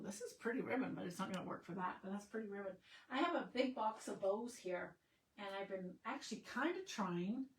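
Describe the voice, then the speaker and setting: A woman's voice: mid-range voice, a little hiss or hum. A woman hosting a card-making livestream, thinking aloud in a loose, meandering way. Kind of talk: casual crafting livestream chat.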